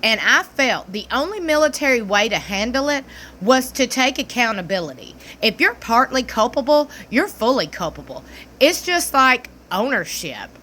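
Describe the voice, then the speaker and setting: A woman mimicking an evasive middle-aged man who hedges and shifts blame in a lower, quieter voice. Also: sing-song, normal speed, slight background noise. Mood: defensive. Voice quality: hesitant, hedging, mumbled.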